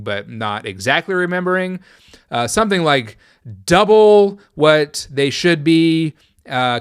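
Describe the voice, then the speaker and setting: Man, podcast host, casual storytelling, profane, rambling, smooth resonant voice, dry close recording. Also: mid-range voice, a bit bright, no room sound.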